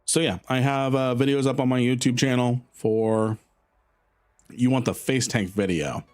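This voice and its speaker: A man streaming a game, answering chat in a relaxed, rambling way with frequent laughter. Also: mid-range voice, moderate pace, smooth. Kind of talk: casual live-stream chat.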